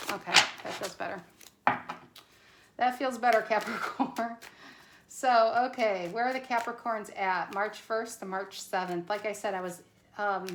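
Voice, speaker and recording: A woman's voice: mid-range voice, reverberant, slight background noise. A woman giving a casual tarot reading to camera, chatty and a little self-conscious, restarting and stumbling over her words now and then. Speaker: tarot reader.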